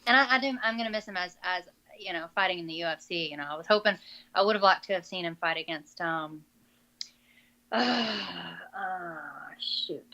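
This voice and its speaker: A young adult woman fighter answering interview questions in a halting, filler-heavy casual way over a call. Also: fairly low pitch, bright, forceful tone. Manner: halting, many fillers and restarts. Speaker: MMA fighter being interviewed. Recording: dull lo-fi call audio.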